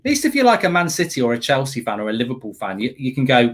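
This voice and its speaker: An English man co-hosting a live football watchalong, talking in an animated, ranting way and swearing casually. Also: mid-range voice, very fast.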